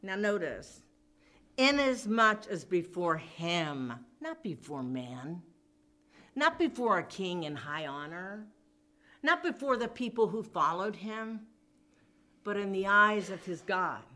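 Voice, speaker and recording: A woman's voice: medium pitch, sing-song, slow, sharp tone. A woman preaching a sermon, retelling a scripture story in an emphatic, dramatic way. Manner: emphatic, dramatic, acts out quoted voices.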